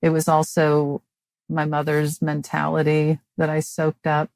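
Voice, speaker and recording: Low-voiced woman with a dry, halting delivery. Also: completely flat delivery, vocal fry, a little mellow, no room sound. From Mississippi, US. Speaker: guest, comedian. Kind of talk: casual interview chat.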